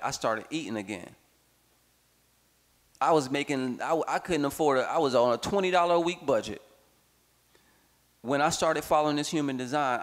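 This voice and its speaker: A man talking as a workshop speaker, giving an expressive personal testimony that swings between playful bursts and slow, reflective stretches. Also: mid-range voice, long reverb tail.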